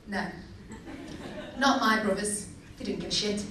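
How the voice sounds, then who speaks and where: With a high, animated voice and a slightly quick pace, a young female stand-up comedian chats cheekily and quizzes the audience. The comedy venue sounds echoey, the mic is distant, and there's a little hiss or hum.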